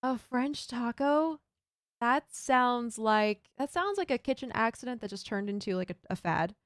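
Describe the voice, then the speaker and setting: Woman streamer rambling while she builds, kinda high voice, smooth and dry sounding. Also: animated, a little slow, no echo. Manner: chatty, thinking aloud, reads chat. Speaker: Minecraft streamer. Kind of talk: casual live-stream commentary while building.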